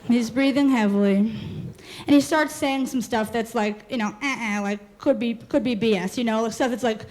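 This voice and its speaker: A woman in her twenties performing a live comic storytelling set, animated and quick, often laughing through her lines. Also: on the high side. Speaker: comedic storyteller.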